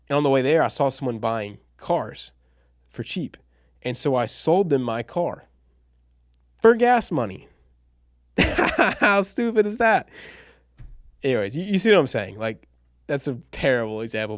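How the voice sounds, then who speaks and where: A man's voice: medium pitch, no room sound, clean studio sound. A young man teaching a casual online copywriting lesson, chatty and slangy, calling listeners bro and dude and laughing at his own examples.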